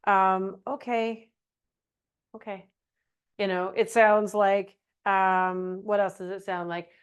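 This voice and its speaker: A middle-aged woman presenting a webinar in a casual, animated teaching style, slipping into meek voices for examples. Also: mid-range voice, takes it slowly, smooth. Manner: animated, acts out quoted phrases in a meek voice.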